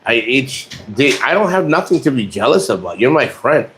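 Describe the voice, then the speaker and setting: A man's voice: medium pitch, sing-song, moderate pace, fairly bright tone, slight background noise. A man vlogging from a rented room, joking crudely and rambling with lots of restarts. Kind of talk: casual chat to camera.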